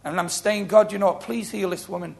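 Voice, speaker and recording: A middle-aged preacher delivers a sermon with testimony as an animated storyteller, acting out the people in his stories in quoted voices. His voice is gravelly and a little high for a man, and he speaks briskly.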